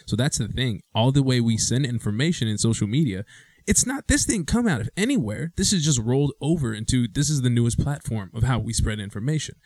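A man's voice: mid-range voice, lively intonation, brisk, a little mellow, no echo. A man co-hosting a casual podcast chat, talking animatedly and acting out quoted voices. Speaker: podcast co-host.

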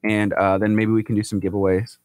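A man's voice: lowish voice, flat delivery, a little fast, a little mellow, no room sound. Dry-sounding man co-hosting a chat. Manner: laughs often, teasing, reads viewer comments aloud. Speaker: radio show co-host. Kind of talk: casual chat on a live-streamed morning show.

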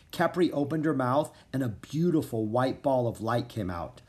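Expressive man reading a storybook. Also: mid-range voice, moderate pace. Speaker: audiobook narrator. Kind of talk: storybook narration.

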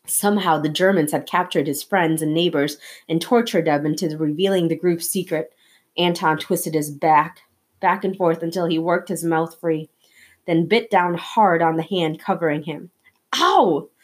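A woman reading a novel aloud chapter by chapter, in steady, measured narration. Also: low-pitched. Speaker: audiobook reader.

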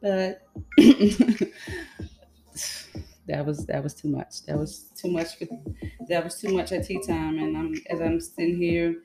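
A woman's voice: low voice, steady tone, normal speed, warm tone. A woman hosting a podcast, venting in a frank, exasperated solo monologue with loose, run-on storytelling and free swearing. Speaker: podcast host.

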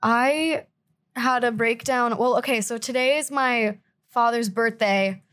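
A woman in her twenties co-hosting a podcast, chatting casually and acting out quotes with a lifted, animated voice. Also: fairly high pitch, measured pace. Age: 20s. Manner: animated, acts out quotes with a raised voice. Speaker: podcast co-host. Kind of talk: casual chat.

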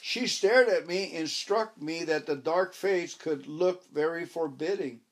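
A man narrating a first-person story as an audiobook, wry and measured, voicing his own dialogue. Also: on the high side, noisy background.

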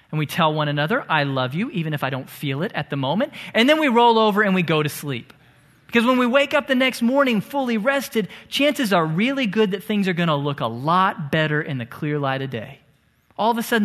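A married adult man, a pastor, preaches a sermon in a church sanctuary. His voice is high and fairly bright, and he is emphatic, sometimes dropping to a near-whisper on key phrases.

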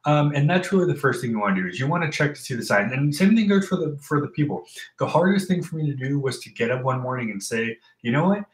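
A man in casual personal talk, earnest and halting, with many fillers and restarts. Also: mid-range voice, animated, roomy sound, poor audio. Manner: reads from a list aloud. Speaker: host talking about mental health.

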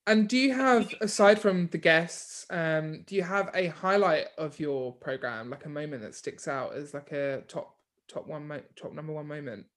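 A woman's voice: low-pitched, normal speed. A woman hosting a casual chat, asking questions and laughing easily. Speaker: host.

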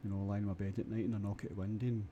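A man's voice: lowish voice, little pitch movement, racing, mellow, lo-fi sound, a little hiss or hum. Crude Scottish man with a rambling monologue. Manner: crude, with frequent stammered restarts. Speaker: vlogger.

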